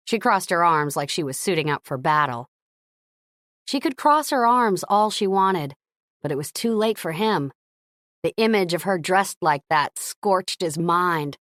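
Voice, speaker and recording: A woman narrating an audiobook in an expressive, lively reading. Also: fairly low pitch, unhurried, no echo, clean studio sound.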